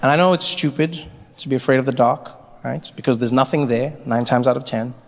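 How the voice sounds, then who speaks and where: A man doing stand-up comedy, animated and quick to jump into voices, on a stage mic in a large hall. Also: mid-range voice, vocal fry, slight background noise.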